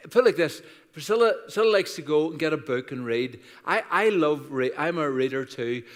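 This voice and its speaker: A man in his sixties with an Irish accent, a guest pastor telling funny stories in a chatty, self-deprecating sermon. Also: fairly high pitch. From Ireland. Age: 60s. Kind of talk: humorous sermon storytelling. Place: church auditorium. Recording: reverberant church hall.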